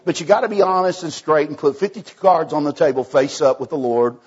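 A man's voice: fairly high pitch, fast talker, slightly rough, muffled recording. A man preaching a folksy sermon, telling a story and acting out the dialogue with many restarts. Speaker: evangelist preacher.

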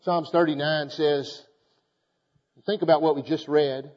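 An older man preaching a fervent sermon to a congregation, calling out to them and reading scripture aloud in a measured cadence. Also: fairly high pitch, steady tone, a little mellow. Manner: fervent, exhorting preaching with rhetorical calls to the congregation. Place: church hall before a congregation. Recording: echoey hall, dull lo-fi sound.

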